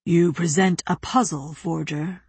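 Stern male official, low and husky, voiced by a woman reader, slow formal lectures. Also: steady tone, darkish tone, no echo. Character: stern, proud male official guarding a prisoner. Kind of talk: audiobook character voice.

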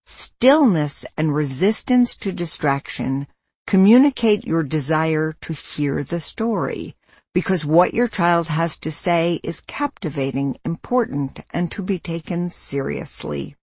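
An audiobook narrator and parent reading nonfiction in a measured, instructive way. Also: medium pitch, darkish tone, breathy edge, no echo.

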